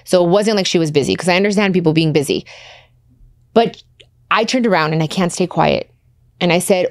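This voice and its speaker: A woman in her thirties hosting a podcast, telling stories in casual chat with lively quoted asides. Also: on the low side, quick pace, dry recording, clean studio sound. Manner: chatty storytelling with animated quoted asides. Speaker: podcast host.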